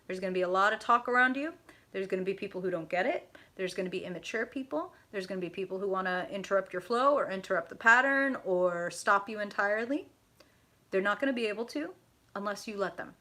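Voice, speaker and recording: Bright-voiced excitable woman tarot reader. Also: mid-range voice, quick pace. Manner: effusive, profane and excitable, addressing viewers directly. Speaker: tarot reader hosting a live stream. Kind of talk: live tarot reading chat.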